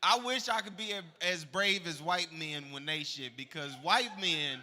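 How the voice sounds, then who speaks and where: A man finishing a crude stand-up set on a comedy club stage, animated with loud punchlines. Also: sits high, normal speed, hardly any pauses.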